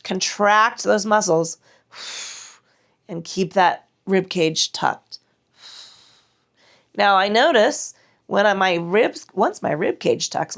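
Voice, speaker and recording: Her medium-pitched voice carrying vocal fry, a Pilates instructor guides a mat class through breath and form while exercising along, her breath a bit strained from the effort.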